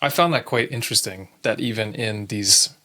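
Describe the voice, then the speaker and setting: Bright-toned low-voiced man, thoughtful co-host. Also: moderate pace. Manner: thoughtful, asks guiding questions. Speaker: podcast co-host. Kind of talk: casual parenting podcast chat.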